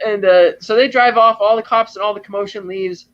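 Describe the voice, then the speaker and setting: A man's voice: high-pitched, steady tone, fairly quick, fairly bright tone, muffled recording. A man co-hosting a podcast, animatedly retelling film scenes step by step and acting out the lines. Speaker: podcast co-host. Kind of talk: casual film discussion.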